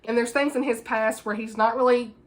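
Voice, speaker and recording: A woman's voice: fairly high pitch, fairly even intonation, a little fast. A woman chatting casually about books she has read, gushing and giggly as she reviews them. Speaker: book vlogger. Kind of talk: casual book review chat.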